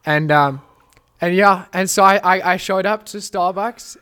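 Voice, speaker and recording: A young man with a fairly high voice tells a faith testimony on a podcast. He speaks earnestly and with animation, acting out the prayers he recalls. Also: a little slow, smooth. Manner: earnest, animated storytelling, quoting prayers aloud. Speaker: podcast host. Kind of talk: emotional testimony in a casual chat.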